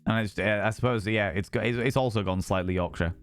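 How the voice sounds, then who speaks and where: Guy streaming a game, sweary and animated, dry mic, bit of music underneath. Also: fairly low pitch, fast talker, clean tone, no echo. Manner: animated, sweary, reads game text aloud. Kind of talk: casual gameplay commentary.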